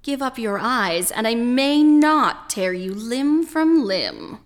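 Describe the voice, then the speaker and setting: A woman's voice: mid-range voice, very animated, slow. A woman voicing a cruel, gloating half-vulture demon that cackles and howls its threats. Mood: menacing.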